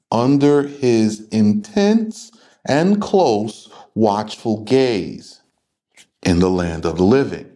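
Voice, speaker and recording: Confrontational male preacher, slow delivery. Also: mid-range voice, warm tone. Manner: emphatic, confrontational, lecturing. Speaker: religious class teacher. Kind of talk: preaching lecture to a class.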